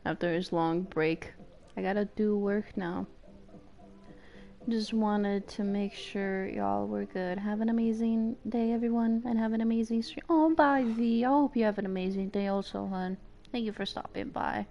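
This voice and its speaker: In a casual chat with her stream viewers, a young woman gets excitable, often laughing, squealing and swearing freely. Her medium-pitched voice moves at a moderate pace, but the recording is muffled.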